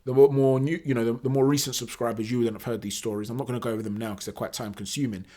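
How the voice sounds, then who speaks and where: A man hosting his own boxing channel, talking through his views in a casual, animated monologue with fillers and self-corrections. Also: medium pitch, very fast.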